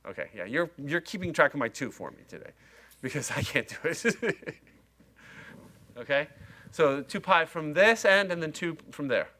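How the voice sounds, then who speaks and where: A middle-aged man lectures a university class in a lecture hall, chatty and self-mocking as he speaks straight to his students. His voice is fairly high, animated, pushed and bright, at a normal speed.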